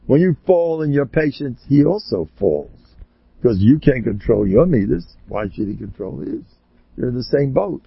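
An older man, a rabbi, giving a rambling, joking talk full of stories, with sudden loud exclamations. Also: on the high side, creaky, breathy edge, no room sound, muffled recording. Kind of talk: rambling storytelling sermon.

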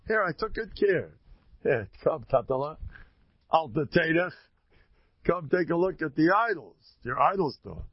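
A man's voice: fairly high pitch, very animated, a little slow, long pauses, slightly rough, no room sound, dull audio, full character voice. A man voicing a sly young son who makes excuses in a coaxing, innocent tone.

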